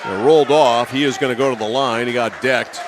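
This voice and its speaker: Against gym and crowd noise, this man calls a basketball game play by play at a fairly quick pace, his mid-range voice keeping a steady tone. As announcer, he chats and teases back and forth with his co-commentator.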